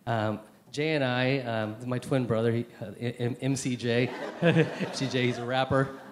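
A young man giving a personal testimony to a church group, halting, with many fillers and restarts. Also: medium pitch, fairly even intonation, a crowd in the background. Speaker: church speaker sharing testimony. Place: Seattle area.

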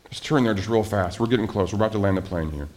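A male pastor preaching a conversational sermon, lively and animated, asking the congregation rhetorical questions. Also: on the low side, racing.

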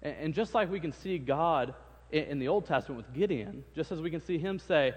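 A man's voice: a little high, lively intonation, a little fast, husky. A man preaching a casual sermon, retelling scripture in everyday talk, often repeating his words and acting out the quotes. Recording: long hall reverb.

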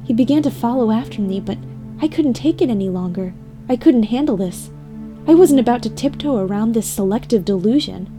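A woman's voice: on the high side, normal speed, warm tone. Woman reading a dramatic story over music. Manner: emotional, dramatic delivery. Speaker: narrator. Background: music bed.

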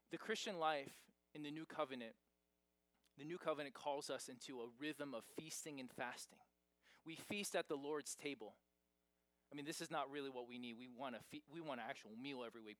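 A man's voice: a little high, dry recording. A man preaching a sermon as pastor, talking in a conversational way and pushing hard on key points. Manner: conversational, emphatic, rising to loud stresses.

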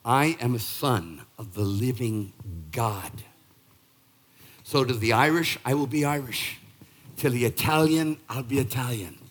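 A man in his sixties from Boston, preaching a sermon as pastor in an emphatic, punchy way that jumps up in pitch and volume. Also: a little slow. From Boston, Massachusetts. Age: 60s. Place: church sanctuary.

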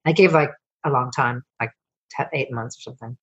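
A middle-aged woman, a coach and founder, telling personal stories as a podcast guest, emotional and swearing freely as she rambles with quick restarts. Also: extremely low pitch, a bit bright, husky, highs cut off. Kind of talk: candid storytelling interview.

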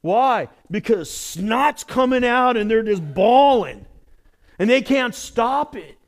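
A male pastor preaching a sermon with lively delivery, moving between loud exclamations and quiet, hushed asides. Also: extremely high pitch, slow pace.

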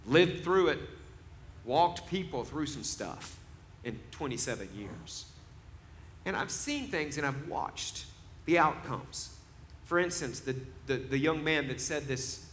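Preaching with a medium-pitched voice, a pastor in his forties shares stories conversationally before climbing to loud, laughing emphasis. There is a little hiss or hum in the recording.

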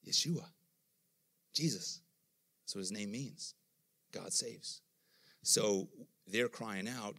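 Slow and lowish, with vocal fry and frequent pauses, a middle-aged man's voice carries this sermon. He tells stories in an animated manner, acting out the voices of whoever he quotes.

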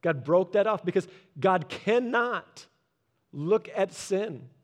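A man preaching a sermon in a conversational way, adding humorous asides and dropping quiet and slow for the solemn points. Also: high voice, animated. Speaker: pastor.

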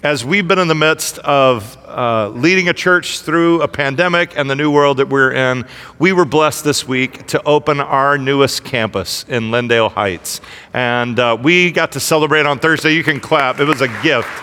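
A man's voice: mid-range voice, moderate pace, pushed and bright, clear, resonant tone, in a large hall. A man preaching a sermon with energy, asking the congregation questions as he leads them through a reading. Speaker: pastor.

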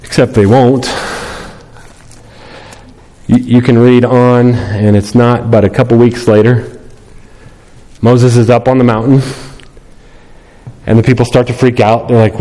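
A man's voice: medium pitch, level tone, unhurried, pauses often, dark tone. A male pastor preaching a sermon, emphatic, often repeating key phrases and acting out voices from the story. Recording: long reverb of a large hall.

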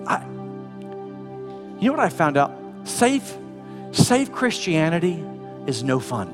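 A male pastor preaching a conversational sermon, swinging from loud, urgent passages to hushed, soft ones. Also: a little high, very animated, slow pace, long pauses, in a large hall. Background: music.

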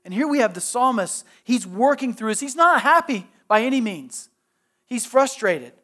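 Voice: medium pitch, very animated, normal speed, fairly bright tone. Conversational pastor preaching a sermon. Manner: conversational preaching with direct questions to listeners; often restarts and repeats phrases.

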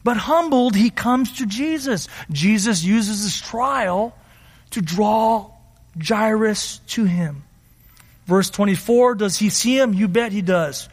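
A man preaching a sermon as pastor, earnest, slowing down for emphasis and acting out quotes. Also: high voice, animated. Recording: reverberant hall.

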